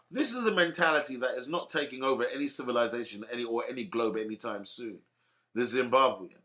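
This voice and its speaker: A man's voice: on the high side, bright, forceful tone. A man ranting alone to camera, sarcastic and heated, with many restarts and fillers. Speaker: vlogger commenting on boxing. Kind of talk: rambling solo rant to camera.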